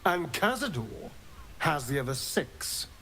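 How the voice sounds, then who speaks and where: An arrogant vampire spawn in a video game, sly and mocking. His delivery is slow and unhurried, and his pitch rises and falls in wide, lively swings. There is a faint hiss behind the game audio. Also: heavily acted. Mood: scheming. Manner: smug, mocking, theatrical.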